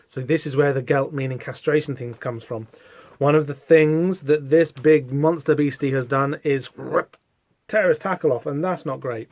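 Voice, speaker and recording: A man's voice: fairly high pitch, moderate pace, darkish tone, dry recording, highs cut off. A man hosting a podcast, casually walking through a comic book and reading its lines aloud with many fillers. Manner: chatty, reads quotes aloud with hesitant fillers. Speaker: podcast host.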